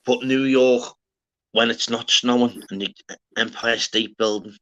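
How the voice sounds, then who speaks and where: Brash, bright-voiced man. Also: mid-range voice, fairly even intonation, a little slow, lo-fi sound. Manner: brash, swearing, says "lad" constantly. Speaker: livestream host. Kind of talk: casual chat.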